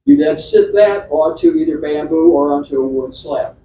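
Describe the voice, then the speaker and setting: In an echoey meeting room, a man with a fairly high, sing-song voice and a dark tone gives an informal slide talk to his club at a moderate pace. He's chatty and rambling, restarting often and filling gaps with fillers. The recording sounds distant and dull, with slight background noise.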